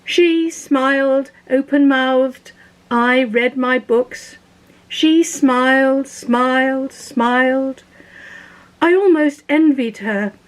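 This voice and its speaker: A woman reads her own poem aloud over a video call. Her voice is high, and she takes it very slowly, with a measured, unhurried delivery. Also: low-quality recording. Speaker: poet. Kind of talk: poetry reading.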